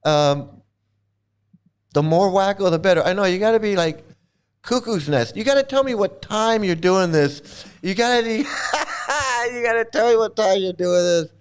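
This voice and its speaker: A man hosts a loose livestream chat with a slightly raised pitch and a smooth, clear voice. He rambles, stammers and repeats himself, mocks as he goes, and breaks into laughter often. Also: lively intonation, unhurried. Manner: mocking. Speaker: channel host.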